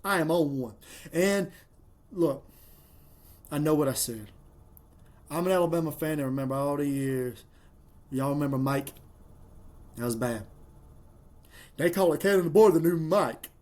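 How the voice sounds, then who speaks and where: A man ranting as a fan about football rankings, exasperated and animated. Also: fairly high pitch, unhurried, long pauses. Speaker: sports commentator. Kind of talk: fan reaction commentary.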